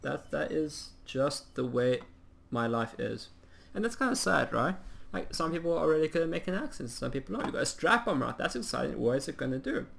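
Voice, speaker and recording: A man giving casual play-by-play commentary on a strategy game, chatty and rambling with plenty of ums, and quick to poke fun at himself. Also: fairly high pitch, animated, gravelly, a bit bright. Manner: self-mocking humor. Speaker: game caster.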